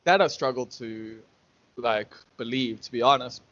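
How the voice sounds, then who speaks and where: A man's voice: mid-range voice, measured pace, a bit bright, muffled recording. Man hosting, rambling thoughtfully. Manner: rambling, thinks aloud with restarts. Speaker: podcast host. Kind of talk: casual interview chat.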